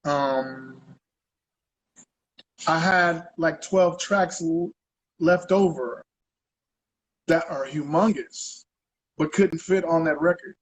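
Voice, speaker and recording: A man's voice: a little high, slow, long pauses, poor audio. A man being interviewed as a guest artist, talking in a loose, rambling way and tagging his sentences with conversational asides. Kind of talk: casual interview chat.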